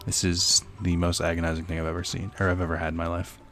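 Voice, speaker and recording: A young man gives casual let's-play commentary, rambling and cracking jokes with the odd profane aside. His voice is deep and gravelly. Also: flat delivery, fast, hardly any pauses, a bit bright, faint music behind. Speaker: gaming streamer.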